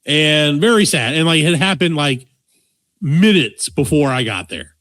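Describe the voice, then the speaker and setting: A man in his thirties spins a comic story for his podcast co-host, swearing freely and acting out each line of dialogue. His voice sits a little high and is recorded close and dry, with no room sound. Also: measured pace, no echo. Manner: profane, animated, acts out quotes. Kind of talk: casual comedic storytelling.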